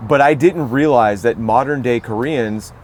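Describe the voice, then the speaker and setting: An American podcast co-host talks casually at medium pitch and normal speed, his voice a little mellow with slight hiss or hum in the audio. He tells stories in a rambling, reflective way.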